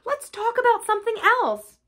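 A woman's voice: mid-range voice, animated, a bit bright. A woman doing a hearty, cheerful water rat. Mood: anxious. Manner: brisk, hearty and coaxing. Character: cheerful, bustling male water rat, good friend.

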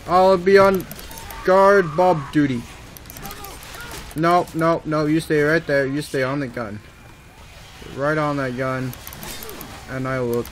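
A man giving casual let's-play commentary on his own gameplay, muttering asides and breaking into excited yelps. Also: medium pitch, a little hiss or hum. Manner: running commentary that swings from mumbling to excited yelps. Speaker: gaming video host.

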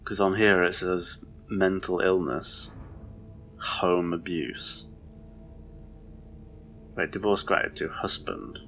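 A man commenting on his own gameplay in a deep, gravelly voice, speaking slowly. He rambles, questions what he sees and swears freely. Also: a bit bright, soft background music. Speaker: let's play host.

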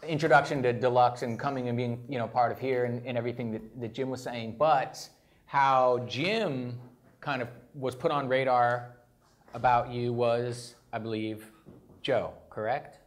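A man hosting a talk show, asking questions in a relaxed, loose, conversational way. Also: medium pitch, normal speed. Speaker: host. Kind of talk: casual interview chat.

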